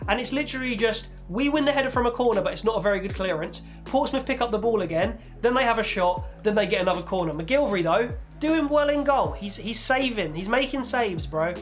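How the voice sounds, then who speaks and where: A young gaming YouTuber with a high voice commentates his own football match live and casually. His play-by-play is animated and exasperated, broken up by pleading outbursts.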